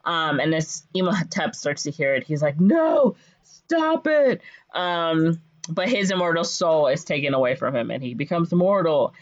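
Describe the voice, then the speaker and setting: Deep-voiced and speaking at a moderate pace, this podcast co-host recaps a film in a relaxed, playful manner, peppering it with ums, likes, and silly acted-out lines. The audio is dull and lo-fi, with no room sound.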